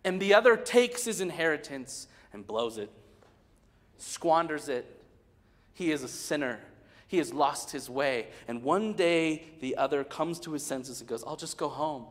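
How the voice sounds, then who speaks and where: Male guest preacher, high voice, dramatic whisper-to-shout delivery, long church reverb with soft music underneath. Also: lively intonation, unhurried. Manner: dynamic, swinging from hushed whispers to loud shouting. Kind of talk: sermon.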